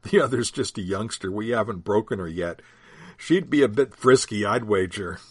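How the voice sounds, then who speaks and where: A man voicing a loud, generous middle-aged village father in a read-aloud Bible story, with a husky voice. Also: dry recording. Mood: warm. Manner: loud, booming, quick to laugh.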